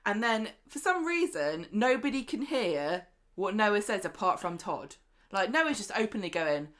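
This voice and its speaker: A woman co-hosting a casual chat show, recapping a soap and acting out the characters' lines in lively bursts. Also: medium pitch, measured pace. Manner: chatty, acts out characters' lines in animated bursts. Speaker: podcast co-host.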